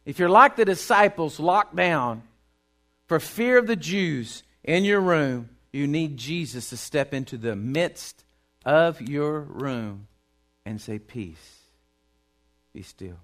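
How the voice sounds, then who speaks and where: A preacher with a high voice delivers a sermon. He moves from loud, driving bursts to quiet, hushed lines, keeping the congregation with him. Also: expressive, takes it slowly. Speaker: pastor.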